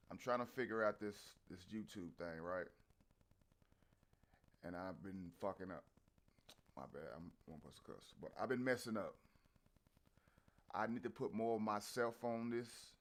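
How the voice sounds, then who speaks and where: A man with a fairly low voice hosts his own reaction video. He talks in a loose, rambling way, stopping and restarting, and swears freely as he thinks out loud. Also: unhurried, long pauses. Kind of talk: casual commentary.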